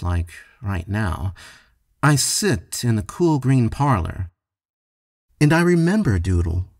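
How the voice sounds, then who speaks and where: A man giving a slow, expressive dramatic reading of a short story into a close mic. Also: medium pitch, dry recording. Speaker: story reader. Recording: dry close recording.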